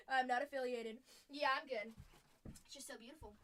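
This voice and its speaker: Woman host for a card break stream, high and bright, excitable and jokey. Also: moderate pace, far from the mic, slight background noise. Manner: excitable, joking, gushing over cards. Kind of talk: live card-opening stream. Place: streaming studio under stage lights.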